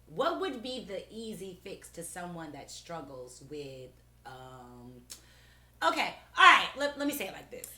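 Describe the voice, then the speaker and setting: A woman's voice: lowish voice, sing-song, a little slow, bright, forceful tone. A woman co-hosting a podcast, asking questions in a playful, laughing way and painting everyday scenarios. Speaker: podcast co-host. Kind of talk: casual podcast conversation. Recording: echoey room.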